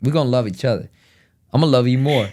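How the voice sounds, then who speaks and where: A man with a medium-pitched voice speaks fast while telling a family story in casual chat. He's a family vlogger, animated and laughing often, and he acts out the people in the story using different voices.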